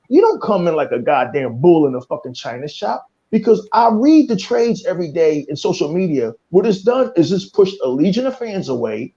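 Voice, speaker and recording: A man's voice: high-pitched, big pitch swings, moderate pace, warm tone, muffled recording. A male podcast host in a heated, profane rant. He repeats himself and swears constantly. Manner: fiery, cursing, repeats himself.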